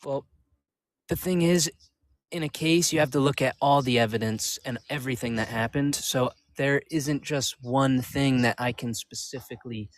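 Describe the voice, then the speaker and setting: Halting man arguing as a debate guest. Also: mid-range voice, no room sound. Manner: halting, hedging, restarting often. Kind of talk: live-stream debate.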